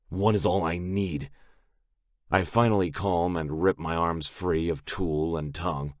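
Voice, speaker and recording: A man reading first-person audiobook narration in a gruff, intense, clipped manner. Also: low-pitched, unhurried, no echo, studio quality.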